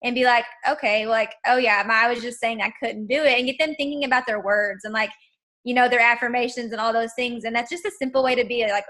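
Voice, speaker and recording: A woman's voice: on the high side, fairly even intonation, fast, a bit bright. A woman team leader in casual motivational chat, emphatic and full of "like". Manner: emphatic, peppered with "like". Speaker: network marketing team leader.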